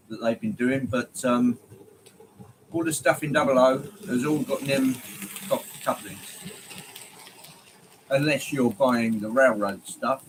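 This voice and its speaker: A man's voice: medium pitch, slight background noise, low-quality recording. A man hosting a casual livestream, greeting viewers by name and rambling along with plenty of ums. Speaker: livestream host. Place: home hobby room, indoors.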